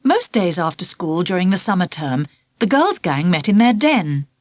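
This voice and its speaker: A woman narrating a children's storybook in an expressive, lively storytelling manner. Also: lowish voice, moderate pace, no room sound. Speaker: audiobook narrator.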